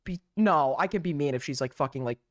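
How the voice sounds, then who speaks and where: A man's voice: a little high, fast, no room sound. Sarcastic man, dry close sound. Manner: sarcastic, laughs often, swears casually. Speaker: streamer host reacting to a clip. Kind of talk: mocking live commentary.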